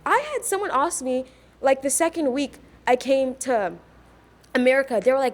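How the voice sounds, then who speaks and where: A teenage student from South Africa reflects on a trip in a candid, lively way. Her voice sits a little high, and her talk is full of "like" and "you know". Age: teens. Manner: lively, talks fast with many likes and you knows.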